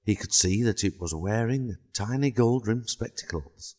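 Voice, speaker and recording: A man narrating a children's storybook in a calm, even way. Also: lowish voice, unhurried.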